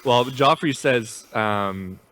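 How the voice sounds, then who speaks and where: A man's voice: mid-range voice, takes it slowly, a bit bright. A man co-hosting a podcast, chatting casually with blunt, crude remarks. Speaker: podcast co-host. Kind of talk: casual recap chat.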